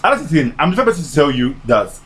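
A young man tells stories in a casual podcast chat. His voice rises and falls a lot, and he slips into the voices of people he is quoting. It is an easygoing, mid-pitched delivery. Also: very fast, slight background noise. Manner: animated storyteller who acts out what others say. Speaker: podcast co-host.

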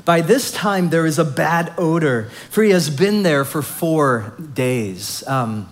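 A man preaching a sermon, reading scripture and retelling the story in a conversational, animated way with fillers. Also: on the high side, slow. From Southern California. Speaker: pastor.

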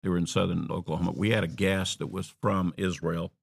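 A male preacher with a very low voice and a gravelly edge. He delivers his sermon as a story, climbing into emphatic peaks and then falling back into quiet asides. His talk sounds unscripted and conversational. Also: fairly even intonation, brisk.

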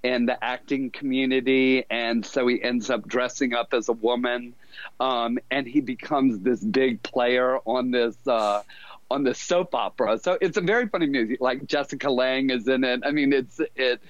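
A middle-aged man spins a casual story as a podcast guest, chatty and quick to laugh. His voice sits at an average pitch, and the recording is dull and lo-fi with no room sound at all. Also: fairly even intonation, dry recording. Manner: chatty, laughs often, mimics others' voices.

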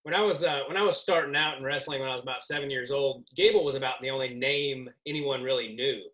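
A man's voice: mid-range voice, fast, bright, forceful tone, poor audio. A man hosting a podcast, chatting casually and laughing easily. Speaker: podcast host. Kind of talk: casual chat.

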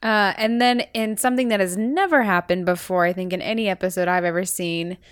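A woman's voice: medium pitch, fairly even intonation, a little fast, clear, resonant tone. A woman co-hosting a podcast, chatting casually and retelling what happened in an episode. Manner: chatty, storytelling recap. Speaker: podcast co-host. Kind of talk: casual recap chat.

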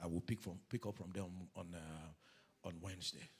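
A man preaching a sermon as pastor, animated, calling the congregation to read scripture aloud with him. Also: low-pitched, moderate pace, breathy edge.

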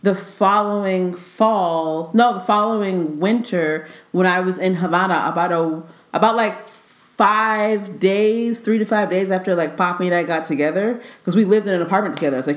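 A young woman comedian telling a story in a casual podcast chat, animated and profane, laughing often and acting out the dialogue. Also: lowish voice, moderate pace. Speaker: stand-up comedian guest. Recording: roomy echo.

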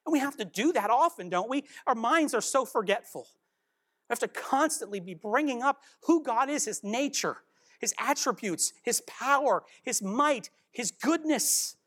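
A woman's voice: fairly high pitch, animated, normal speed, a bit bright. A woman giving an earnest devotional Bible teaching, exhorting and questioning her listeners.

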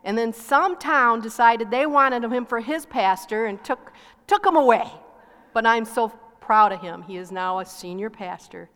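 A woman's voice: on the high side, lively intonation, moderate pace, a bit bright. A middle-aged woman co-pastor sharing a testimony in a sermon, telling stories and acting out quoted talk. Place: church sanctuary. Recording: long reverb of a large hall.

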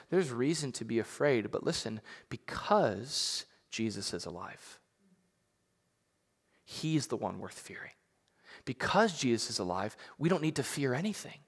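A pastor giving a sermon in a conversational way, repeating words and building to emphatic, rising peaks. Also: male voice, on the high side, fairly bright tone, in a large hall.

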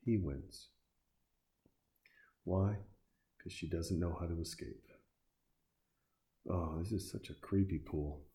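A man's voice: low-pitched, takes it slowly, long pauses, warm tone. A man giving casual, sarcastic and profane reaction commentary, talking back at the screen as he watches.

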